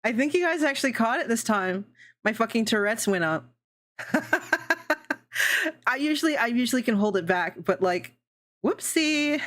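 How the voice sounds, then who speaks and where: A woman streamer in casual live-stream chat, rambling, swearing and laughing often, her pitch jumping around. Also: lively intonation, moderate pace, long pauses, fairly bright tone.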